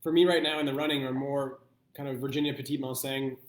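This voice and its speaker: A man hosting a live online blind wine tasting, thinking aloud in an unhurried way and pausing often to weigh his options. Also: mid-range voice, steady tone, roomy sound. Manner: thoughtful, thinking aloud with pauses.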